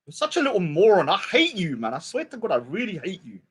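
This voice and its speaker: Man, high voice, very lively swings in pitch, taunting and insulting, mocking rant. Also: quick pace, breathy edge. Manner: mocking and insulting, mimics his target in a whiny voice. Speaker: street preacher and debater. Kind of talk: taunting rant addressed to a rival. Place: outdoors at a public speaking spot.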